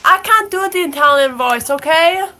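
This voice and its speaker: A woman's voice: sits high, lively intonation, normal speed, pushed and bright, a little hiss or hum. A woman chatting with friends, eager and insistent about her turn. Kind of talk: casual chat.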